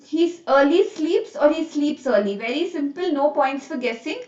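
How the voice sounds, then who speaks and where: A woman's voice: high-pitched, animated, moderate pace, a little mellow. A woman with an Indian English accent teaching an online grammar lesson, mixing in Hindi and checking in with her class often. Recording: dull, echoey, a bit distant.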